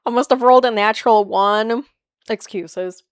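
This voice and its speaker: High-voiced, animated woman streamer. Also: clear, resonant tone, no echo, clean studio sound. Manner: animated, swearing, quick laughs, playful banter. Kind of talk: casual live-stream chat reading viewer comments.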